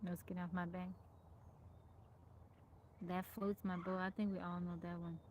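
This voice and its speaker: A woman's voice: on the low side, little pitch movement, unhurried, a little mellow, slight background noise. A woman hosting a casual livestream, reading out folksy old sayings and greeting viewers by name. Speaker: livestream host.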